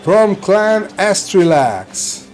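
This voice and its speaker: A man voicing a male race announcer who makes slow, grand proclamations to a crowd. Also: high voice, very animated, a little mellow, slight background noise, voice pushed up, exaggerated voice. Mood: proclaiming.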